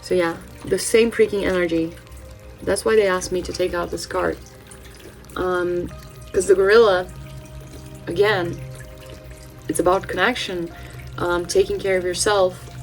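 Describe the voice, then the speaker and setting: A lowish, gravelly-voiced woman from Brazil, a native Portuguese speaker, talks in English with a mixed British and Californian accent. She chats through an oracle card reading in a loose, digressive way, full of ums and restarts, with faint music behind her. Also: a little mellow, poor audio. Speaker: channel host, spiritual card reader.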